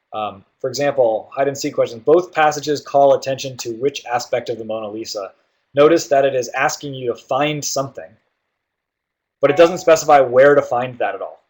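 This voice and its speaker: A male tutor walking students through reading question types, explaining in an easygoing way with many fillers and "right?" checks. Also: mid-range voice. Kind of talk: guided test-prep walkthrough.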